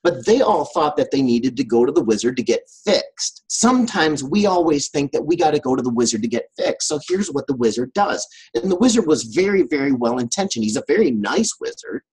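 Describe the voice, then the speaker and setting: A man's voice: mid-range voice, sing-song, brisk, hardly any pauses, a little mellow, breathy edge, low-quality recording. A man giving a motivational team training talk, telling a story with animation and often checking in with his listeners.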